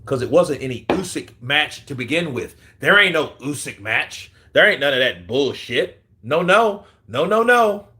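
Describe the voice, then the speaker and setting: A man's voice: on the high side, a little slow, hardly any pauses. A man hosting a casual boxing livestream, reading chat aloud, swearing freely and laughing often. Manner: profane, animated, laughing often. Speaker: boxing channel host.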